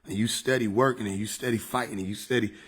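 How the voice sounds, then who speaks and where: A man's voice: fairly low pitch, steady tone, fast, fairly bright tone, husky. Joking, profane male streamer. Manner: profane, joking, laughs often. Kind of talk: casual livestream chat. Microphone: desk microphone.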